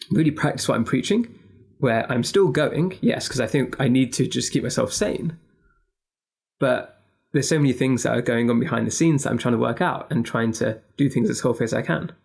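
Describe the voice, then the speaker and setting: A man's voice: medium pitch, moderate pace, vocal fry, a little mellow, slightly rough. A man being interviewed as a guest, talking candidly and earnestly about honesty and struggle. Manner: open, earnest, reflective. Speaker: podcast guest, founder.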